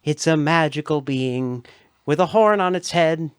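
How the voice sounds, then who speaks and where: A man co-hosting a podcast, joking playfully and laughing in quick bursts during a casual late-night chat. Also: on the high side, clean tone, dry recording, clean studio sound. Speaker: podcast co-host.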